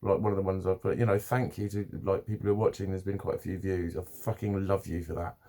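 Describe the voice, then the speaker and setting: A man's voice: low voice, little pitch movement, fast, dark tone. A man talking to camera in a rambling, casual vlog, swearing often and restarting his sentences. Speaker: vlogger.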